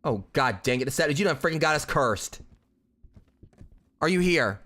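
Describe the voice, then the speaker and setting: A man playing a horror game on a livestream, animated, exclaiming and teasing his friend. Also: fairly high pitch, moderate pace. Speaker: livestream gamer. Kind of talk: casual gaming chat. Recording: faint game music behind the voice.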